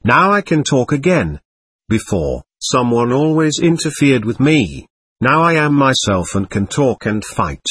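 A man's voice: medium pitch, sing-song, unhurried, a bit bright, husky, heavily acted. A man reading aloud the lines of a stubborn, hostile male spirit from a séance record, defiant and threatening.

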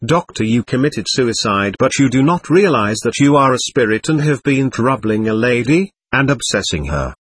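A man voicing a patient doctor at a séance, talking in a measured, reasoning, admonishing way with a husky voice. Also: medium pitch, sing-song, no room sound.

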